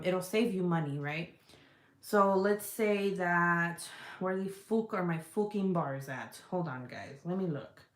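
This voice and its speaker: Chatty woman swearing a lot while she rambles about stuff she sells, roomy echo, medium pitch. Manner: profane, rambling and laughing, talks straight to viewers. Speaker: online seller of home fragrance products. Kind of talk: casual chatty product talk to camera. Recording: roomy echoey room sound.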